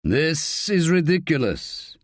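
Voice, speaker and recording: Guy putting on an annoyed landlord, slow and huffy, bit higher. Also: very animated, no room sound, clean studio sound. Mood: indignant. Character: indignant male landlord, defensive.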